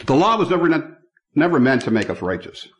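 A man's voice: a little high, sing-song, fairly quick. Man preaching a sermon. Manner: reads scripture aloud, addresses congregation. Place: church.

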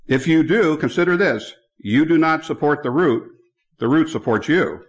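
A man's voice: on the high side, lively intonation, moderate pace. A man preaching a sermon in a church, reading scripture aloud and speaking to the congregation.

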